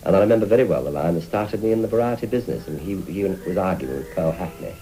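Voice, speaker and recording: An older man in an interview, telling an animated anecdote and acting out the voices. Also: deep voice, fast talker, poor audio. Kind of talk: anecdotal reminiscence.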